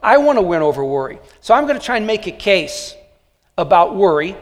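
A high-pitched man preaches a sermon in a nearly empty church, talking to the camera in a loose, conversational way full of fillers and asides. His voice rings out with a long hall reverb. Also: very animated, a little fast. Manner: conversational, joking, with many fillers. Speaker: pastor.

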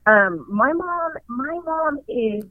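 A woman telling a story in casual chat, profane and excitable, acting out her own panicked lines. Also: sits high, takes it slowly, no echo. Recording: dull lo-fi dry recording.

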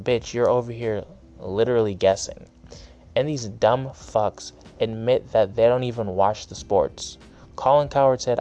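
On his own podcast, a young host with a fairly low, dark-toned voice delivers a solo rant. He's angry and heated yet casual, and the swearing is heavy.

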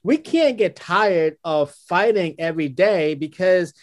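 A man's voice: high-pitched, lively intonation, measured pace, no room sound. A man hosting an interview in casual chat, talking loosely with many fillers and tag questions. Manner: conversational, many "you know" and "right?" fillers. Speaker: podcast host.

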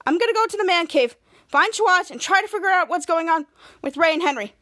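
Lady doing a bossy teen girl, snappy orders, squeaky high. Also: expressive, fairly quick, no echo, studio quality, heavily acted. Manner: sharp commands in a very high pitch. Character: bossy teenage girl, quick-thinking.

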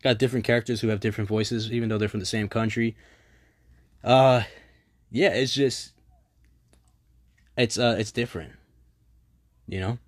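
A man's voice: fairly low pitch, fairly even intonation, normal speed, pauses often. A young man rambling in a casual solo monologue, self-deprecating and swearing freely, his voice a little strained.

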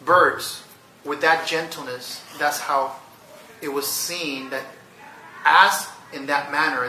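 A man's voice: a little high, sharp tone, distant mic, a little hiss or hum. Earnest man preaching in an echoey room. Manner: earnest teaching with rhetorical questions. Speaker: pastor. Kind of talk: sermon.

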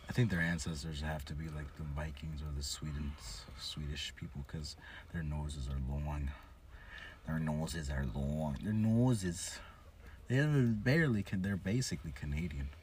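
Deep-voiced joking man, distant mic. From United States. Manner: animated, joking, swearing freely. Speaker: podcast co-host. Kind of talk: casual chat. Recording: distant mic with background hiss.

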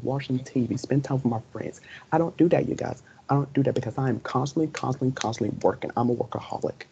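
Another young adult podcast co-host talks in a casual, earnest, emotional way, circling back to the same points repeatedly. He has a medium-pitched, creaky, warm voice that's slightly rough, and the recording sounds dull and lo-fi.

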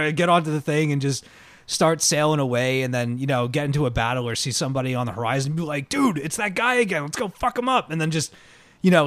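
A man chatting casually about video games, an animated storyteller who bursts into loud pirate cries. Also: medium pitch, no room sound.

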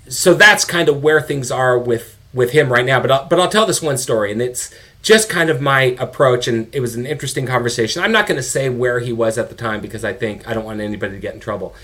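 Middle-aged man, interview guest, candid and animated storyteller. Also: medium pitch. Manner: animated, swears, quotes people in their own voices. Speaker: guest, father of an addicted son.

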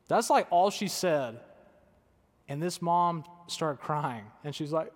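A man's voice: fairly high pitch, a little slow. Earnest man preaching in a big echoing hall. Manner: conversational, self-deprecating, earnest. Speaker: pastor. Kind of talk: sermon storytelling. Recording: long reverb of a large hall.

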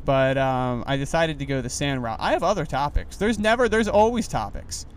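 A young man hosting a solo podcast while driving, rambling in a loose, animated way with lots of fillers. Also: a little high, normal speed. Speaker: podcast host. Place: inside a car.

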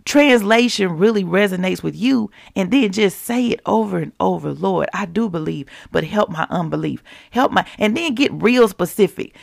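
Woman podcast preacher, gravelly, mid-pitched, casual heartfelt teaching, dry close recording. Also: no echo. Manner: conversational, preachy, keeps it real with listeners; repeats scripture slowly for emphasis.

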